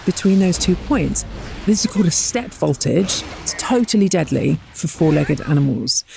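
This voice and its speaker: A man's voice: a little high, lively intonation, vocal fry, a little mellow, slight background noise. A man with an English accent, co-hosting a podcast and eagerly explaining science in casual chat. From England. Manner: enthusiastic explainer, quick bursts. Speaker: podcast co-host.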